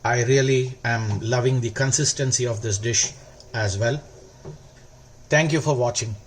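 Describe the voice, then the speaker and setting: Slow-talking man demonstrating a recipe. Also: mid-range voice, fairly even intonation, slight background noise. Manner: slow, instructive, gently enthusiastic. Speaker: cooking show host. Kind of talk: cooking demonstration.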